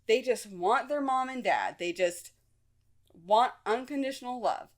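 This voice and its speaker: A woman's voice: fairly high pitch, lively intonation, measured pace. A woman hosting her own podcast, talking frankly and casually, with many fillers and restarts. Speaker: podcast host; mother. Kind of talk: casual solo talk.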